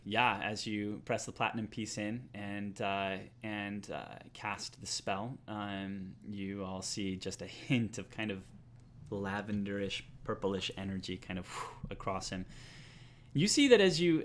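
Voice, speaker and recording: A man narrating as game master for a tabletop role-playing game, in a relaxed way with many fillers. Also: low-pitched, a little hiss or hum.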